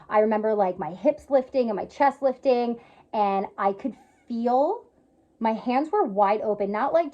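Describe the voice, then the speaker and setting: A young woman, a yoga teacher and spiritual healer, shares a personal story in a casual vlog, speaking earnestly and emotionally with lots of fillers. Her voice sits in the mid range with a darkish tone. The lo-fi recording sounds slightly dull.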